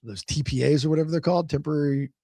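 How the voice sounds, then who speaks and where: A man's voice: fairly high pitch, racing, dry recording, studio quality. A male podcast host, telling a long story in casual chat, rambling and repeating words. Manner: rambling, repeats words, animated when quoting others.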